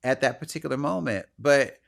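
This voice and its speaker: A man in the middle of his range hosts his podcast and reflects out loud on his own emotions. He speaks earnestly and in a searching, self-questioning way. Now and then he acts out other people's voices with animation. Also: medium pitch, a little fast, vocal fry. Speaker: podcast host. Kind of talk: personal reflective monologue.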